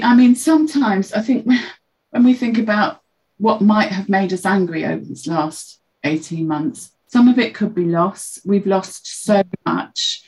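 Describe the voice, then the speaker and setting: A woman, a podcast guest calmly explaining feelings and acting out example phrases. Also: medium pitch, rough recording. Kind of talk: reflective podcast conversation.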